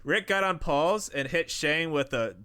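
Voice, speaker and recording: A man's voice: fairly high pitch, animated, unhurried, bright, forceful tone, clean tone. A man hosting a podcast, reading a script in a casual, profane way and breaking into laughs. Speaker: podcast host. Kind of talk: scripted narration with banter.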